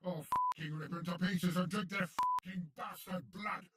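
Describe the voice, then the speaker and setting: A man voicing a furious, foul-mouthed space marine chaplain, shouting and swearing. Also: high voice, fairly even intonation, a little slow. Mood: enraged. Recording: distant voice with clear noise.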